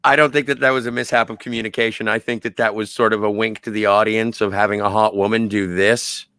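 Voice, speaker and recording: A man's voice: fairly low pitch, level tone, sharp tone, smooth, no room sound. Eager man in a dry, close podcast voice. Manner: eager, quick to correct his co-host. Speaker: podcast co-host. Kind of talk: casual film-recap chat.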